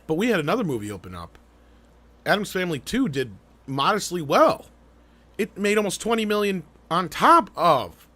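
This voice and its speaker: A man's voice: high-pitched, very animated, normal speed, bright, forceful tone. A man co-hosting a live online talk show, chatting casually, rambling with fillers, restarts and the odd swear. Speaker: podcast co-host. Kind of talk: casual live-stream chat.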